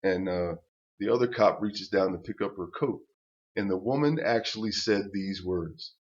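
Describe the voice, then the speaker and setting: A man's voice: low voice, moderate pace. An older man telling a personal story to camera in a rambling, profane rant full of restarts. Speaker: channel host. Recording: dull lo-fi recording.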